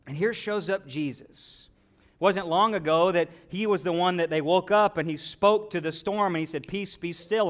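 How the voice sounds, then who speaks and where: A man preaching a sermon with dynamic delivery, rising to loud exclamations and dropping to hushed quotes. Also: sits high. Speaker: pastor.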